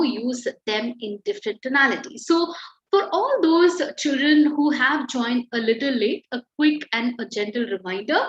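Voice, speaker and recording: A woman teaching an online class, encouraging and praising her students often. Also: sits high. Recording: echoey room, dull lo-fi sound.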